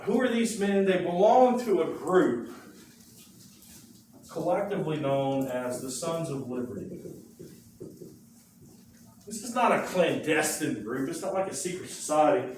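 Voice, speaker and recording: A man's voice: fairly high pitch, slight background noise. Echoey male teacher telling history from far off. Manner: lively storytelling with rhetorical questions and asides. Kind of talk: classroom lecture. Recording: very echoey room, mic far off.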